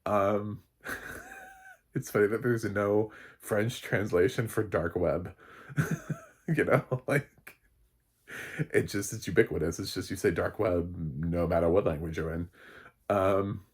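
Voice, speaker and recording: A man's voice: low-pitched, wildly swooping pitch, slow pace, pauses often, slightly rough. A man, a film critic, giving a casual spoken review, rambling with many fillers and restarts, and swearing now and then.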